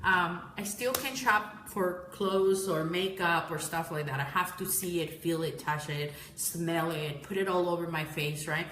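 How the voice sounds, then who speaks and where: A woman's voice: on the low side, a little slow, few pauses, fairly bright tone, slight background noise. Tired woman business owner talking casually to a live-stream audience, chatty and self-correcting, roomy echo. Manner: rambling, self-correcting, addresses viewers as guys.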